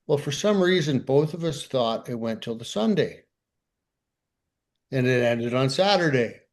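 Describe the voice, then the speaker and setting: A man's voice: medium pitch, animated, unhurried. Candid man telling his story. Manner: candid, self-deprecating storyteller. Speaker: podcast co-host. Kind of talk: casual storytelling conversation.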